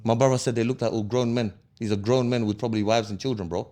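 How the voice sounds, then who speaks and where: A podcast guest recounts events heatedly in street slang during a casual storytelling interview, asking "yeah?" after each point. His mid-range voice is steady and warm, and he speaks fast.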